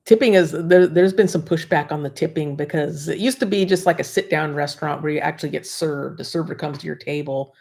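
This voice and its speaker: American woman, casual livestream co-host, easygoing, laughs a lot, some vocal fry. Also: sits low, fairly quick, few pauses. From United States. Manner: relaxed, laughs often, reads viewer comments. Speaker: co-host of a live stream. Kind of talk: casual chat.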